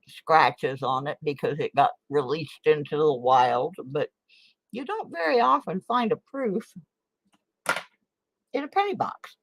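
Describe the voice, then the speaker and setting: A woman hosts her livestream from a home setup in a folksy, chatty way, sometimes eating while she talks. Her delivery is unhurried and drawn out. The sound is dry and close on a desk microphone. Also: fairly low pitch, dry recording, highs cut off. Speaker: host of a coin collecting livestream. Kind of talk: casual livestream chat.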